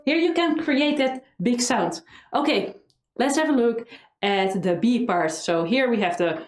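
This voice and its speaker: Brief: woman violin teacher with a slightly high voice, playful and encouraging, recorded in an echoey room with violin behind. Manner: chants practice rhythms slowly. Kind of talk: online music lesson. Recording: roomy echo, violin music behind.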